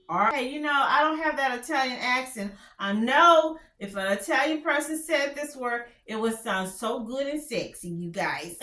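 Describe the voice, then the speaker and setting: Bright-voiced Texan woman reviewing perfumes. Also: fairly high pitch, roomy sound. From Texas. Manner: candid, chatty, frequent restarts. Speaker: fragrance reviewer. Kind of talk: casual product review chat.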